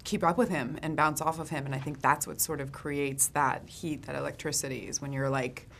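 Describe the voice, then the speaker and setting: Actress guest, low-pitched, chatty and expressive, light noise behind. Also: female voice, a little fast, vocal fry. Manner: animated, laughs easily, acts out quotes. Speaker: actress interviewed. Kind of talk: casual interview chat.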